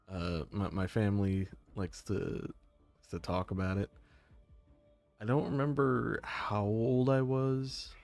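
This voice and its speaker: A young man with a low voice talks casually to his stream audience, cursing freely and breaking into laughter. He sounds close to a desk microphone. Faint music plays underneath. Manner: swears freely, laughs often. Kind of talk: casual chat with stream viewers.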